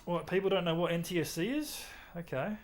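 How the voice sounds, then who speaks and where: A young Australian man with an Australian accent, chatting casually with his stream chat while playing a racing game, relaxed and talkative. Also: high-pitched, a little fast.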